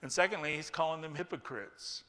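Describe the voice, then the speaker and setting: Male pastor, lively sermon delivery, fairly high bright voice, long hall reverb. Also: brisk. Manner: animated, acts out quoted voices.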